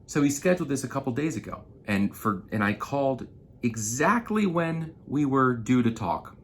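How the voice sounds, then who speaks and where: Animated man ranting casually. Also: mid-range voice, normal speed, slight background noise. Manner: animated, frustrated storytelling with profanity. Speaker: marketing consultant for roofers. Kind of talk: casual vlog rant.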